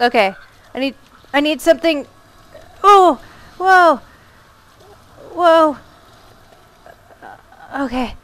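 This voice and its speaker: A woman's voice: high-pitched, a little slow, pauses often. A woman giving let's play commentary as she plays, reacting aloud, exclaiming and muttering to herself. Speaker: gamer.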